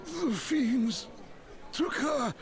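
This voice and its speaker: An actor playing a wounded old knight who speaks in courtly, archaic English. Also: male voice, very high voice, big pitch swings, drawn-out words, a crowd in the background, full character voice. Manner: archaic formal speech. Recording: game audio under music.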